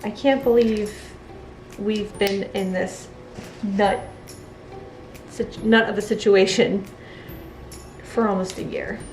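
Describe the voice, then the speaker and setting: A woman's voice: mid-range voice, steady tone, takes it slowly, long pauses, a little mellow, faint music behind. Chatty woman in an echoey room. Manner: chatty, laughs often. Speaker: soap maker. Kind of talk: casual crafting narration.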